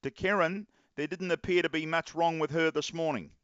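A man hosting a live radio interview, relaxed and chatty with his guest. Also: fairly high pitch, a little fast, no echo, dull audio. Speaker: radio racing show host.

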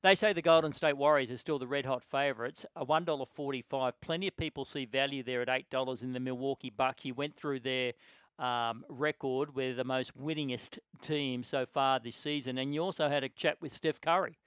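A man's voice: medium pitch, steady tone, brisk, fairly bright tone, clean tone, no room sound. A man co-hosting sports radio, upbeat while reading out betting odds. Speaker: radio host.

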